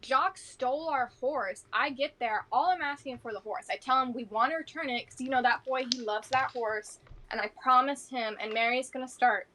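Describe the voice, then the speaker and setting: A woman player at a tabletop game. She tells her side in chatty, run-on sentences. Her voice sits somewhat high. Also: moderate pace, background noise. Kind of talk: casual tabletop game talk.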